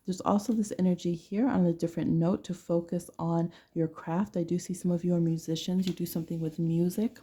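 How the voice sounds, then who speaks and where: A woman's voice: on the low side, level tone, a little fast, few pauses, mellow, husky. A woman giving a casual tarot reading to camera with a blunt, playful way of talking. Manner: blunt, playful, laughs often. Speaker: tarot reader.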